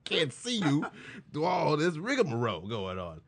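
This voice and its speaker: A man's voice: fairly high pitch, wildly swooping pitch, takes it slowly, vocal fry, husky. A man co-hosting a podcast, riffing in playful, slangy casual chat.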